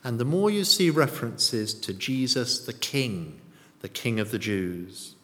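A man's voice: medium pitch, animated, unhurried, fairly bright tone. A man preaching a sermon in a church, often putting rhetorical and tag questions to the congregation. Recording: long church reverb.

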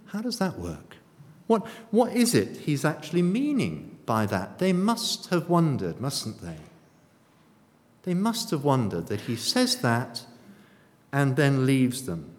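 A man preaching a sermon in a church. He asks lively rhetorical questions and adds touches of dry humour. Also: mid-range voice. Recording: long reverb of a church.

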